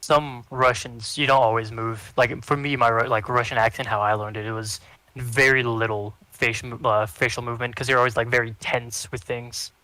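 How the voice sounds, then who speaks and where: Man, bright tense voice, dry recording, teasing casual chat. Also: mid-range voice, fairly even intonation, normal speed, no room sound, poor audio. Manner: teasing, laughing.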